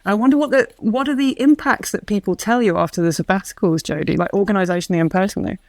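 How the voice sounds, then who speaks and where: A man's voice: high-pitched, fast, dry recording. A man hosting a conversation, speaking reflectively and thoughtfully, with hesitant restarts. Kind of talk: casual conversation.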